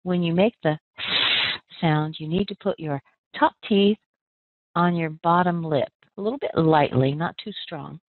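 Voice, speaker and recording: A woman with an American accent giving a pronunciation lesson, slowly and carefully spelling out sounds. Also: fairly low pitch, no echo. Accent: General American. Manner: slow, careful enunciation of sounds. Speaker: accent trainer. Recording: narrow phone-like sound.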